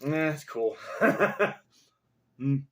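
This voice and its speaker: A man's voice: a little high, animated, very slow. Young guy vlogging, bouncy up-and-down voice, jokey and swears a lot, bit of music in the back. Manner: playful, teasing talk to his dog; loose, profane storytelling with laughs. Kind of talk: casual chat and storytelling.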